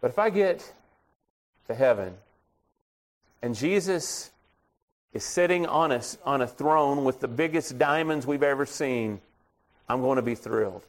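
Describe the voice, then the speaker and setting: A man's voice: medium pitch, lively intonation, measured pace, pauses often. A middle-aged man preaching a sermon in a conversational way, telling folksy stories from his own life. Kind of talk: storytelling sermon.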